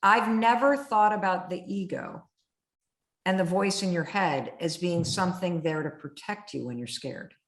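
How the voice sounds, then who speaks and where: A middle-aged woman hosting a candid podcast conversation, animated and blunt, acting out voices in her stories and swearing freely. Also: lowish voice, a little slow. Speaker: podcast host. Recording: roomy echo.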